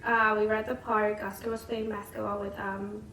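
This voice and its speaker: A woman's voice: mid-range voice, flat delivery, brisk, a bit bright. A young woman, a mother and co-host, telling family stories in a casual chat, full of "like"s and quoting her kids. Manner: chatty storytelling, many "like"s, quoting her kids. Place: home. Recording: echoey room, mic at a distance, faint noise.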